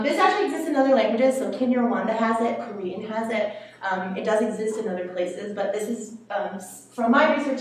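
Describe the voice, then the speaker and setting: Woman lecturing in a very echoey room. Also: medium pitch. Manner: explanatory, frequent ums. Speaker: sociolinguist. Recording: very echoey room, distant mic, faint noise.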